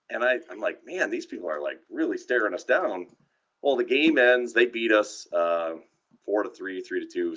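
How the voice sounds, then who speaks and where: Man, low voice, rambling, stammering restarts, casual storytelling, lo-fi audio. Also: fairly bright tone. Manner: rambling, self-interrupting, laughs often. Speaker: podcast co-host. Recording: dull lo-fi live stream audio.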